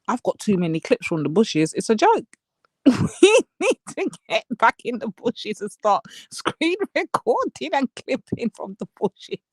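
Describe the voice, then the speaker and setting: With a medium-pitched voice recorded at studio quality and no room sound, a young Englishwoman hosts a live stream. She gossips casually, swears heavily, laughs frequently, and mimics the people she mentions.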